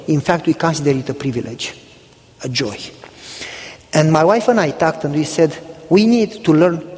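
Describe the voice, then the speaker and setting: High-voiced Romanian-born pastor preaching. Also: male voice, big-room sound. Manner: animated storytelling, acting out dialogue. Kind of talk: storytelling sermon.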